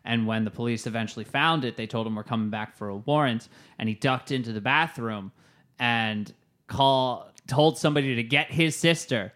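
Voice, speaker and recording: A man's voice: mid-range voice, moderate pace, fairly bright tone. A man co-hosting a comedy podcast, telling rambling stories and jokes. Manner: joking, rambling storyteller. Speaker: podcast co-host. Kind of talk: casual comedic podcast chat.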